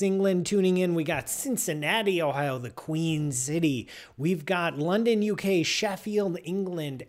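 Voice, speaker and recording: Animated man hosting a live science show. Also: high voice. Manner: animated, playful mock outrage, swinging from loud bursts to muttering.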